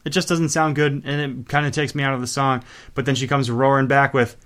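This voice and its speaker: A man's voice: mid-range voice, little pitch movement, a little fast, fairly bright tone, a little hiss or hum. A man hosting a show, introducing songs in casual chat, rambling, swearing and mocking himself. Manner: rambling, profane and self-mocking. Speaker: host.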